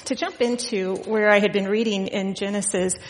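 A middle-aged woman preaches a relaxed, conversational sermon, rambling into homey anecdotes with plenty of ums. Her mid-pitched voice carries through a church sanctuary with a long, lingering reverb. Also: moderate pace. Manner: chatty and storytelling, frequent fillers and laughs. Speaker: guest preacher. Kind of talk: informal Father's Day sermon.

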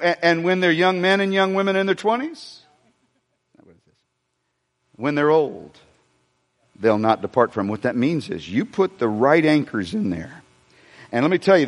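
Lively, animated male preacher. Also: fairly high pitch. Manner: animated preaching with humor and asides to the congregation. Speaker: pastor. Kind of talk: sermon. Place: church sanctuary before a congregation. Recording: long hall reverb.

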